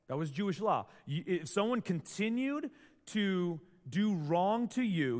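Animated male pastor in an echoey hall. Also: high voice, measured pace. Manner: animated storytelling, acts out quotes. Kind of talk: sermon.

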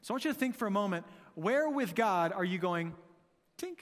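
A man with a high, light voice preaches a sermon in a casual, conversational way, checking in with the congregation through constant rhetorical questions. His voice carries a long reverb, as if picked up in a large church hall. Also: expressive, a little fast. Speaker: pastor.

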